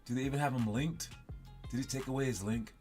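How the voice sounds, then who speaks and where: A man's voice: medium pitch, fast, darkish tone, faint music behind. A man hosting a casual solo talk show, rambling and stuttering, often repeating words as he thinks aloud. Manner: rambling, wanders off mid-thought. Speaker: podcast host.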